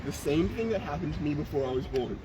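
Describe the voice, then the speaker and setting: Young guy, counter-protester, high voice, rapid-fire and combative, shouts through loud street noise. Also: animated. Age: young adult. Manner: combative, profane, shouts often. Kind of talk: heated street argument.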